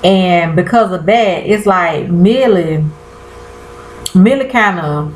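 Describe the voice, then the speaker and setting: A woman's voice: on the low side, slow pace, slight background noise. Chatty woman recapping a TV episode. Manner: chatty, colloquial, addresses viewers as y'all; animated, trails off and restarts often. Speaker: TV show recapper. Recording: roomy echo.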